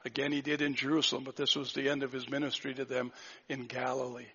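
A man preaching a sermon, earnest and reflective, asking rhetorical questions and often dropping to a soft voice. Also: mid-range voice, little pitch movement, fast, breathy edge. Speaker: pastor. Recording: dull lo-fi recording.

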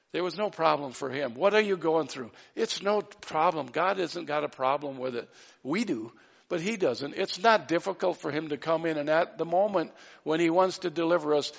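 A man's voice: fairly high pitch, gravelly, highs cut off. A man preaching a sermon in an earnest way, with light asides and acted-out quotes. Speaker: pastor.

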